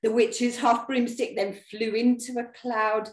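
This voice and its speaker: A woman storyteller reading a picture book aloud to young children, expressive and engaging. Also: mid-range voice, slow, hardly any pauses, roomy sound. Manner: expressive, talks to young listeners. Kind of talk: animated read-aloud for children.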